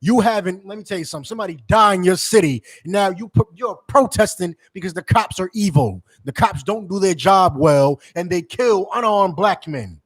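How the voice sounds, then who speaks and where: A man preaches with heat and scorn, in a voice pitched a touch high. He mocks his targets and calls for scripture readings like a street-corner teacher. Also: lively intonation, normal speed, hardly any pauses, slightly rough. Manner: heated, mocking, profane, calls for scripture readings. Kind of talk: fiery street-style preaching.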